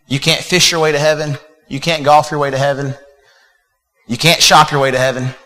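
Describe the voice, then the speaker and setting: A man preaches in an easygoing, conversational manner, often restarting phrases and repeating words. His voice is bright and forward. The sound rings with the long reverb of a large hall. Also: a little high, little pitch movement, a little fast. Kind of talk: sermon.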